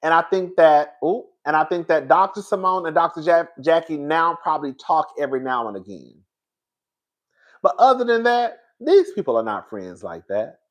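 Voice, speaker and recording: A man with a high, bright-edged voice talks through a live stream in a sassy, animated way. He keeps calling his viewers "girl," laughs a lot and swears without a second thought. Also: normal speed. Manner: laughs often, swears freely. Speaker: reality TV show reviewer. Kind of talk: live-stream commentary, reading chat.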